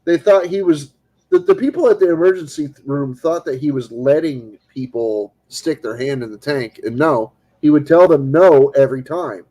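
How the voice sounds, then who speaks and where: A man in a casual stream with a voice pitched a little above the usual. He rambles through a story with restarts and acts out the people in it. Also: moderate pace, rough recording. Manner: animated, acts out quoted people.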